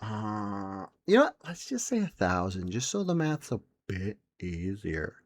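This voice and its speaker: A man in his forties hosting a solo comedy podcast, rambling and swearing, with mock outrage and sudden leaps into a high excited voice. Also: a little slow. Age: 40s. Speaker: podcast host.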